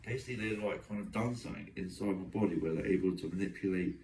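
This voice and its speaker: A young man with a low, deep voice pours out a rambling, aggrieved monologue. He talks in long run-on strings of complaint. The recording is roomy and echoey, with the voice sitting back from the microphone over a faint background hum. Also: fast, dark tone, recorded from a distance. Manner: aggrieved, agitated, run-on storytelling. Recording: echoey room, voice away from mic.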